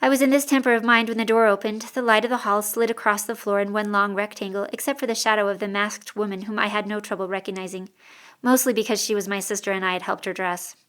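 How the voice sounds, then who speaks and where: A woman reading a first-person audiobook in a measured, expressive storytelling voice. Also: medium pitch. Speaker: audiobook narrator.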